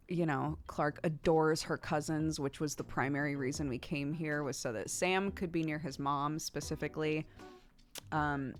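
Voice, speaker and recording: An American woman in her thirties, a streamer chatting casually and rambling, laughing often. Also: low voice. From United States. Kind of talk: casual chat with chat.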